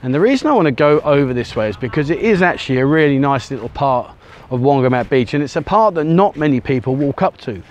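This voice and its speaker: A man's voice: medium pitch, expressive, fast, hardly any pauses, dull audio. A man vlogging casually as he walks along a beach, talking to a handheld camera in a rambling way full of ums and uhs, a little out of breath. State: out of breath from walking on sand. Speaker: travel vlogger. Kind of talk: casual walking vlog to camera. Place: outdoors on a sunny beach. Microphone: handheld camera he turns around.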